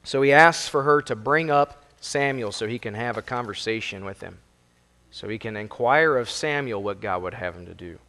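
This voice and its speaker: A man's voice: mid-range voice, normal speed, sharp tone. A man preaching a sermon as pastor, working verse by verse through scripture in a plain, conversational way. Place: church sanctuary. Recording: long hall reverb.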